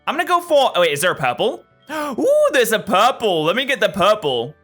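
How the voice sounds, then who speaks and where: A young man hosting a let's play, chatting through the game with excitable, jokey remarks. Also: sits high, a little fast, soft background music. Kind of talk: gameplay commentary.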